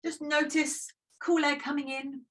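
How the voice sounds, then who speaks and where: A woman guiding a yoga breathing practice in a gentle, chatty, self-deprecating way. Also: sits high, little pitch movement, unhurried, far from the mic, rough recording. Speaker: yoga teacher. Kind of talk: guided breathing instruction.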